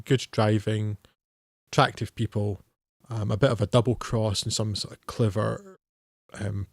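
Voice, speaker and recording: A man's voice: mid-range voice, no echo, studio quality. A man co-hosting a film podcast, talking in a wry, hesitant way with many fillers. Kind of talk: casual film discussion.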